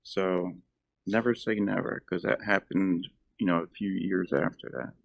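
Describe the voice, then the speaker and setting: A middle-aged man from South Jersey tells stories as an interview guest. His voice is very low with a gravelly edge, and he wanders through his answers with many fillers. The sound is dry and close. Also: steady tone, unhurried, dry recording. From South Jersey, USA. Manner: rambling, lots of ums and uhs. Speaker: actor and former firefighter, guest. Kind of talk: casual interview chat.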